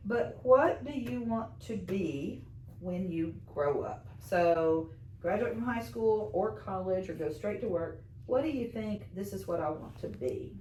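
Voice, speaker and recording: A woman's voice: mid-range voice, expressive, measured pace, dark tone. A middle-aged woman hosting a casual interview with students, chatty and encouraging, laughing often. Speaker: interviewer, school staff host. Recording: echoey room, mic from a distance, faint noise.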